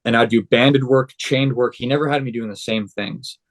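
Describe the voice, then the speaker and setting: Casting: young adult man, podcast guest, animated storyteller with a mid-range voice. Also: medium pitch, moderate pace. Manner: animated, acts out quoted dialogue. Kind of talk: casual storytelling.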